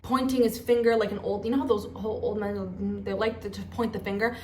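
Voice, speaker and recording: A young woman vlogger telling stories in a chatty, animated way, full of fillers. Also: medium pitch, brisk. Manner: chatty, animated, lots of 'like'. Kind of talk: casual storytelling vlog. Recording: echoey room with faint noise.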